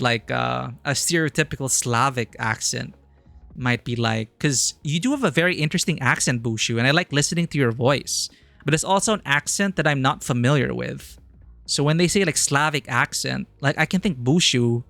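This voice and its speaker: A streamer and filmmaker streams a video game, giving casual, enthusiastic live commentary and rambling with plenty of "like." His medium-pitched voice is gravelly and a bit bright, with no echo.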